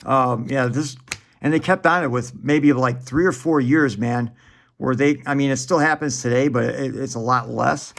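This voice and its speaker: A man's voice: medium pitch, moderate pace, creaky, a bit bright. A man in his forties chatting casually while opening trading card packs, rambling and profane, chuckling often.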